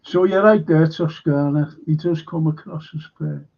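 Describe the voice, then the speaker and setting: Gravelly, husky man ranting on a stream. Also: on the high side, fairly even intonation, normal speed. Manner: profane, rambling, reads viewer comments aloud. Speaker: livestream host. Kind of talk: casual fan livestream chat. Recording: dull lo-fi stream audio.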